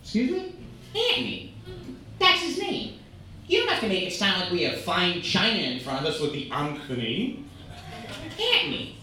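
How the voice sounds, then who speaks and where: A brash mother from bellows and brags in a high, swooping New voice, as a comedian puts her on. She is pushy and boastful, talking over the caller. The sound is echoey and taken from a distance, with faint room ambience. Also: sing-song, moderate pace, bright, forceful tone, a little hiss or hum. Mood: indignant. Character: brash loud mother from Queens on the phone. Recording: echoey room, far-off mic.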